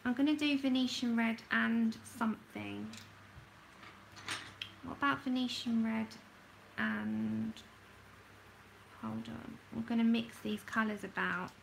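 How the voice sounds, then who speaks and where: A woman's voice: fairly high pitch, fairly even intonation, slow, vocal fry, pauses often, slight background noise, rough recording. A woman chatting casually as she hosts a livestream, talking to herself while she works and often laughing at herself. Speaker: livestream host swatching colour pencils.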